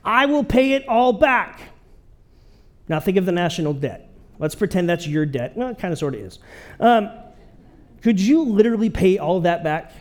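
A man's voice: high-pitched, lively intonation, a little fast, dark tone. A man preaching a sermon in a conversational way, often checking in with his listeners. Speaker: pastor.

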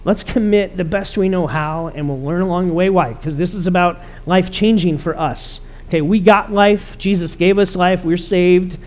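A man's voice: high voice, fairly even intonation, moderate pace, few pauses, a little mellow. A man pastor preaching a conversational, emphatic sermon to his church.

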